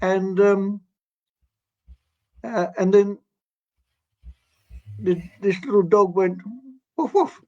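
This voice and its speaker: Man in his 80s, guest storyteller, higher pitch, meandering and genial, dull lo-fi sound. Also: little pitch movement, extremely slow, pauses often. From England. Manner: gentle, rambling, laughs often. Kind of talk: storytelling interview. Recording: dull lo-fi audio.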